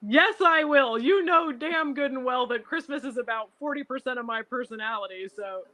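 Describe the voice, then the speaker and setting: Bright-voiced effusive woman poet. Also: high voice, normal speed. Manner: effusive, giggly, rambling. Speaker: poet, co-host guest. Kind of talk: casual chat.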